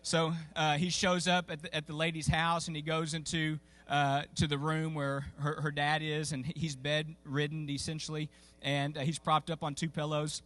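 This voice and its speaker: A man's voice: a little high, level tone, moderate pace, hardly any pauses, a bit bright. A man preaching a sermon, telling a story in a folksy, conversational way with many fillers and restarts. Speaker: pastor. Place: church sanctuary.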